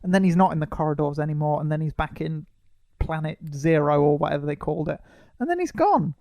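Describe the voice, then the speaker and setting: A man's voice: on the high side, little pitch movement, fast talker, vocal fry, warm tone, dry recording. A man co-hosting a casual film review chat, wry and sarcastic. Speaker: podcast co-host.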